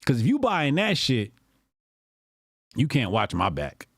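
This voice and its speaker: A man streams casual reaction commentary, mocking and exasperated and quick to curse. His pitch swings widely. The sound is dry and close to the mic. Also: huge pitch swings, gravelly, dry recording.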